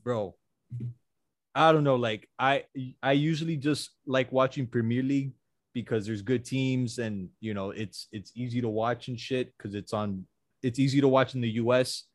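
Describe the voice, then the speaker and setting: A man's voice: mid-range voice, fairly even intonation, moderate pace, no room sound, clean studio sound. A man hosting a casual sports chat, laid-back and slangy, often restarting his sentences. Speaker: podcast host.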